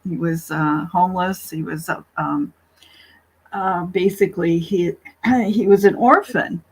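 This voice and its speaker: A woman's voice: fairly low pitch, a bit bright, poor audio. A middle-aged woman from the US Gulf Coast telling a story in a casual group chat, breaking into laughter often. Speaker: participant in an online group chat.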